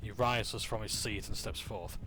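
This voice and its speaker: A man's voice: lowish voice, fairly even intonation, a little slow, over music. A man casually recapping a tabletop game session, joking and correcting himself as he goes. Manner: casual, with fillers, jokes and self-corrections.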